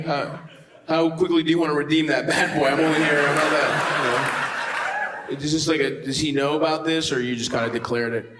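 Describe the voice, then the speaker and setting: A man on stage doing crowd work, ribbing the audience with foul-mouthed jokes and chuckling as he talks. His voice sits a little high for a man. It rings through an echoey club over a loud crowd murmur. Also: background noise. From United States. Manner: profane, teasing, laughs through his lines. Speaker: stand-up comedian. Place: music venue stage before a live audience.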